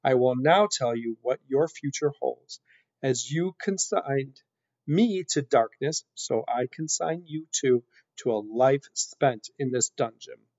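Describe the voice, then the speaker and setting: A man's voice: mid-range voice, slow pace, a little mellow, no echo. A man voicing a cruel, scornful male rat villain with a haughty, sneering delivery. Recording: dull lo-fi recording.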